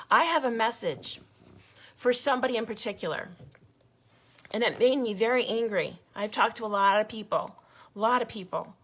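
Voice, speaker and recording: A woman's voice: mid-range voice, fairly bright tone. A woman giving a passionate, indignant update to her group's followers, emphatic and given to repeating herself. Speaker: grassroots group leader. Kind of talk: impassioned video update.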